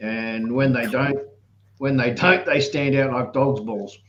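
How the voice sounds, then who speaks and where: A man's voice: mid-range voice, fairly even intonation, unhurried, a bit bright, highs cut off, a little hiss or hum. A man chatting casually and laid-back, mostly backing up the other speaker with short agreements. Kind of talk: casual chat.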